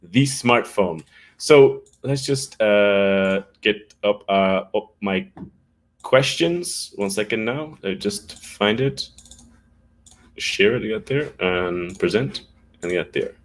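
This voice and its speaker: A man's voice: fairly low pitch, slow. An Irish man hosting a casual live-stream chat for English learners, greeting viewers by name and laughing often. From Ireland.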